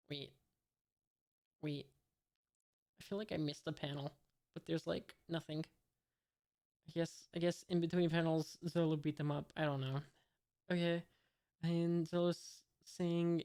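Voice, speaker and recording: Pausing often, an American channel host reads a manga aloud for the first time in an unhurried, steady, gravelly voice that's on the high side and a little mellow. He describes each panel with hesitant, wry asides.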